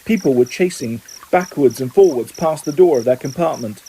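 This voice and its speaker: A man reading a novel aloud at a steady pace, raising his voice slightly for the characters' lines. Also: moderate pace, slight background noise, rough recording. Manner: reads steadily, lifting pitch for quoted lines. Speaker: audiobook reader. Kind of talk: scripted narration.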